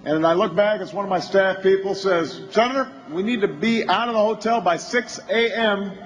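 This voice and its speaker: A man with a strikingly high voice tells a long story at a campaign rally. He works slowly toward bursts of shouting, and a faint ambient hum runs underneath. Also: poor audio. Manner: anecdotal storytelling that builds to shouting. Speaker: politician.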